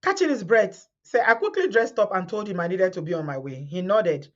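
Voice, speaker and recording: A woman's voice: mid-range voice, lively intonation, a little fast. A woman reading a viewer's story aloud in a casual way, often breaking into laughter and adding her own comments. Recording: dull lo-fi sound.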